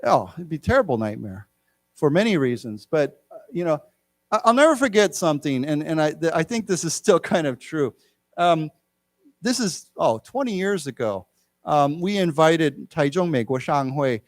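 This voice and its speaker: Man, middle-aged, English teacher, rambling classroom chat, slightly high voice, dry close sound. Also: no room sound. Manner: chatty, rambling, with animated quoted voices. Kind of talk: casual classroom lecture. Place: lecture room.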